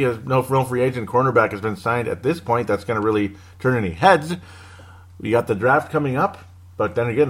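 Man, casual sports talk host, rambling, wry asides, chuckling. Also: mid-range voice. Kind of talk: casual solo sports commentary.

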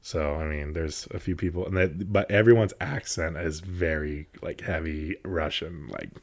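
A man's voice: a bass voice, normal speed. A young man in casual chat, telling stories animatedly and laughing often. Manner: laughs often, animated storytelling with loud bursts.

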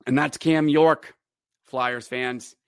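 A man hosting his own hockey podcast, recapping games in an animated, joking way and breaking into loud shouts. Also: mid-range voice, slow, smooth, no echo, studio quality. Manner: excitable, jokey, acts out players' voices with sudden loud shouts. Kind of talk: animated solo sports recap.

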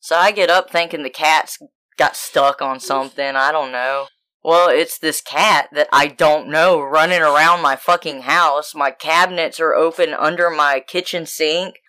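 Woman co-host, bright crisp voice, profane animated storyteller, casual chat. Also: low-pitched, unhurried. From United States. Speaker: podcast co-host.

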